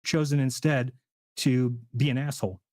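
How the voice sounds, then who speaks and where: A man's voice: medium pitch, steady tone, normal speed, warm tone, dry recording. A man appearing as a debate guest, speaking in a sarcastic, dismissive way.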